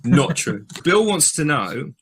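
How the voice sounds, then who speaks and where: A man's voice: fairly high pitch, sing-song, takes it slowly, background noise. An Englishman with an English accent, co-hosting a podcast in a dry, joking casual chat. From England. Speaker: podcast co-host.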